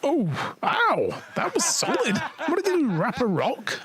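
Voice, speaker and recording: A man's voice: extremely high pitch, wildly swooping pitch, unhurried, crowd noise. A man doing rowdy, joking live gameplay commentary, swearing and cheering. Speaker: game streamer.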